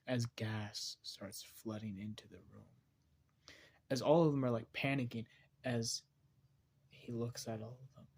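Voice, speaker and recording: A man improvising a dark story aloud, rambling and hesitant, often correcting himself. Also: mid-range voice, breathy edge.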